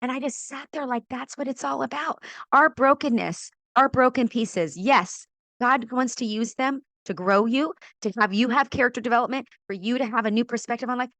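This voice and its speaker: Lively Christian woman sharing her testimony. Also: a little high, moderate pace, dry recording. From California. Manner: expressive storyteller, acts out quoted voices, laughs often. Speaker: podcast guest, author. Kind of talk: animated testimony in a faith interview.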